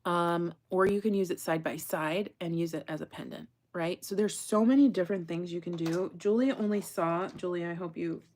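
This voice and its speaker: Her voice sits on the low side and is a little mellow, moving at a moderate pace with hardly any pauses. She's hosting a jewelry-crafting livestream, chatting casually, laughing often, reading comments from viewers aloud, and whispering now and then as she works.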